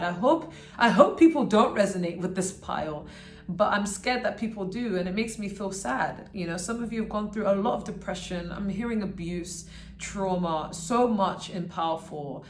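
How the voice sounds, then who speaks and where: Earnest tarot reader woman, echoey room. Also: lowish voice. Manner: rambling and earnest, checks in with "okay?". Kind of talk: pick-a-card tarot reading.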